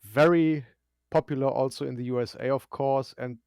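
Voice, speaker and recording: A man's voice: mid-range voice, steady tone, moderate pace, a little mellow, clean tone, no room sound. A man from Germany, a guest on a casual live stream, explaining things at length with dry humor.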